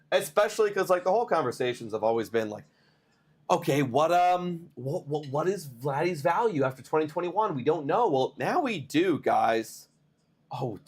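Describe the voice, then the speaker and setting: A man hosting a live baseball stream, chatting to viewers and reading trade news in a rambling, excitable way while tired. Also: medium pitch. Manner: excitable, rambling, talks to chat. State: tired, yawning. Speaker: baseball livestream host.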